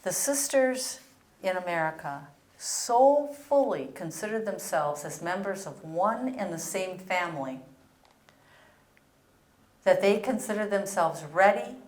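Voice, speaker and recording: Older woman presenting in an echoey room. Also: fairly low pitch. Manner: earnest storytelling with read-out quotes. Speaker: religious sister giving a presentation. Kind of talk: historical presentation to ministries.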